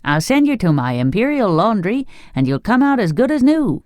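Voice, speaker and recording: A reader voicing a warm, formal male tin man who is an emperor, speaking in an effusive, courtly way. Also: medium pitch, big pitch swings, moderate pace, no room sound, pitched above the performer's own voice, close to an everyday voice. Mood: gracious. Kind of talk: audiobook character voice.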